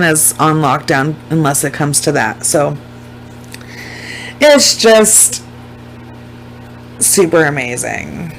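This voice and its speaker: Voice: medium pitch, a little hiss or hum, rough recording. This is a vlogger talking casually straight to the audience. The delivery is loose and rambling, with plenty of swearing and words repeated for emphasis. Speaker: vlogger recapping a documentary. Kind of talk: casual chat.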